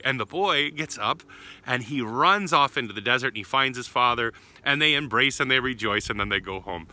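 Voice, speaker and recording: A man, an Orthodox priest, giving a short homily as a gentle, affectionate storyteller. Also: medium pitch, expressive, a little fast. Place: church grounds.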